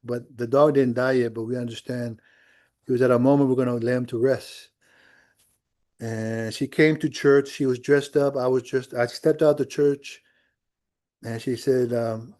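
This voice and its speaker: Middle-aged male pastor, warm low-key tone, conversational sermon storytelling in a church. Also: moderate pace. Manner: conversational storytelling with quoted dialogue.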